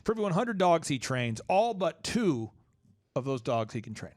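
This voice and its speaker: A man hosting a casual podcast, rambling and animated as he acts out what people say. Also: a little high, normal speed, dry recording, studio quality. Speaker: podcast host promoting a dog training business.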